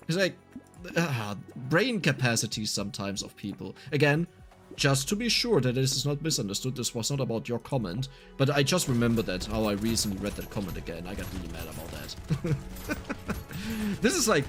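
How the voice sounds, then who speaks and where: Animated German-accented male streamer. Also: medium pitch, faint music behind. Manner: chatty, quick to get heated and rant. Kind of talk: casual gaming livestream chat.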